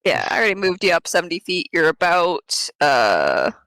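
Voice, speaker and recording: A woman's voice: fairly low pitch, huge pitch swings, moderate pace, vocal fry, a bit bright, no echo. A woman helping run a tabletop game, checking the rules aloud in a hesitant, casual way.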